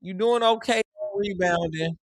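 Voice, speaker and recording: A young man streams casual live commentary on a basketball game, animated, joking, and slangy in a conversational way. His voice sits high and he talks a little slowly.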